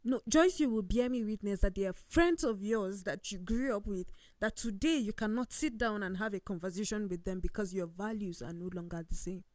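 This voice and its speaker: A woman's voice: mid-range voice, fairly quick, few pauses, darkish tone, no echo. A woman on a panel talk show, earnest and emphatic as she cites scripture. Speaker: co-host.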